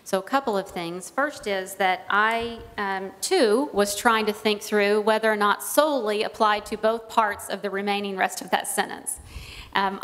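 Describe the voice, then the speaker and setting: Witness, female, measured and cautious, long room reverb. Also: medium pitch, fairly bright tone. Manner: careful, measured, hedging. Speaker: witness giving testimony. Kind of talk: hearing testimony. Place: legislative hearing room.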